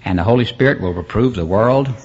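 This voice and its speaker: A man's voice: fairly low pitch, brisk, slightly rough. A man preaching a rambling sermon at a church service, calling out to the congregation. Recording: dull lo-fi cassette recording.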